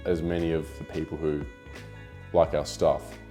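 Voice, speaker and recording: A man's voice: extremely low pitch, normal speed. A young Australian man talking casually in an interview, rambling with lots of "like" and the odd swear word. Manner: relaxed, rambling, with filler "like" and swearing. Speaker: photographer and YouTuber being interviewed. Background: faint background music.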